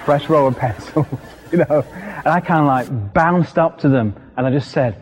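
A middle-aged British man preaching a sermon, telling a personal story in an animated, vivid way. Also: on the high side, normal speed, slightly rough. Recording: dull lo-fi recording with long hall reverb.

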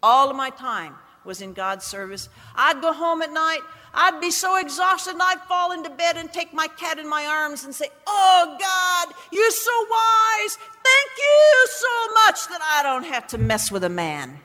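A woman's voice: sits high, animated, normal speed, few pauses. A woman preacher giving a dramatic personal testimony in a sermon, with emphatic, swinging delivery. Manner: dramatic, emphatic storytelling with wide swings in loudness. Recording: long hall reverb.

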